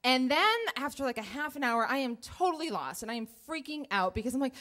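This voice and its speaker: High, lively woman telling a story. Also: fairly quick, hardly any pauses. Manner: animated, acts out her own panicked inner voice. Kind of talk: live first-person storytelling on stage. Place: theater stage before an audience.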